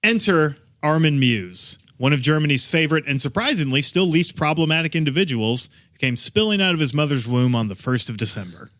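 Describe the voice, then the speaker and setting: A man's voice: a little high, lively intonation, a little fast, few pauses, fairly bright tone, dry recording, clean studio sound. A man hosting a podcast, telling a true-crime story in a wry, joking way. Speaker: podcast host.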